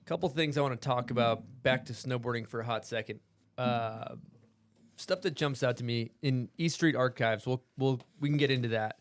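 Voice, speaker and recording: A man hosting a podcast in a relaxed, upbeat casual chat, with plenty of filler words. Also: mid-range voice, normal speed. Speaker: podcast host.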